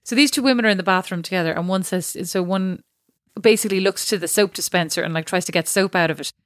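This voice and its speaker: A woman's voice: lowish voice, fast, dry recording, studio quality. A woman co-hosting a podcast, telling a rambling story in casual chat and laughing at her own jokes. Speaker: podcast co-host.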